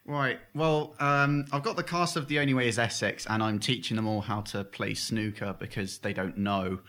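A man playing as a contestant in a comedic game, telling an improvised story in a halting way with many pauses and restarts. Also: on the low side, steady tone, a bit bright.

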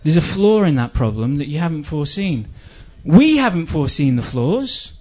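A man's voice: a little high, very animated, moderate pace, mellow. A male stand-up comedian doing a rambling routine full of stammered repeats, on a dull lo-fi live recording.

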